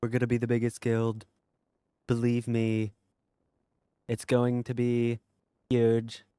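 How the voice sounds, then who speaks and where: A man's voice: medium pitch, completely flat delivery, slow pace, warm tone, clean tone, no room sound, clean studio sound, lightly acted. A man doing a boastful impression of a politician, bragging in repetitive superlatives.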